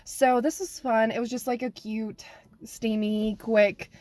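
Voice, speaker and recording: A woman's voice: on the high side, fairly even intonation, a little slow, darkish tone. A young woman talking casually about the books she is reading, with many filler words. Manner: chatty, lots of "like" fillers. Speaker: book vlogger. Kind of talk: casual chat.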